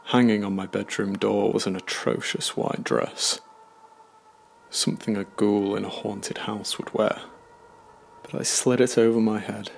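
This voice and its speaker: A man narrating a scripted horror story in a measured, somber way. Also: lowish voice, vocal fry.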